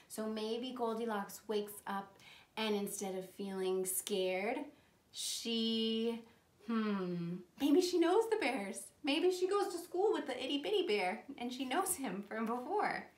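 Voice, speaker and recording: Teacher lady reading a story to little kids, lots of gasps and whispers, kinda high voice, echoey room. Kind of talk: storytelling lesson for children. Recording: roomy echo.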